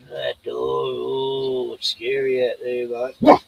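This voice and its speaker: Middle-aged Aussie man, slow, gravelly, swears freely, rambles, breaks into laughs, baby-talks his dog. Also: medium pitch, little pitch movement, background noise. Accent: Australian. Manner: profane, chatty, laughs often, coos at his dog. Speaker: streamer. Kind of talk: rambling casual monologue.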